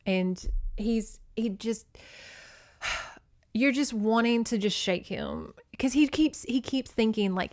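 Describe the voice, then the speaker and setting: A woman hosting a podcast recaps a book in casual, candid talk full of swearing, animatedly acting out the characters' lines. Her voice is a little high and she takes it slowly, in a dry, clean studio recording.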